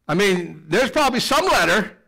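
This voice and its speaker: A middle-aged man preaching a sermon in church, animated, swinging between loud emphasis and quiet asides. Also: high-pitched, normal speed, gravelly. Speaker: pastor. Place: church sanctuary.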